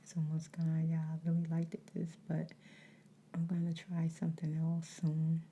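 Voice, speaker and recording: A woman telling a story in a soft whispered ASMR voice while chewing gum and doing her makeup, talking casually to her listeners. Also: low voice, completely flat delivery, normal speed, a little hiss or hum. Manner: chatty, addresses listeners as y'all.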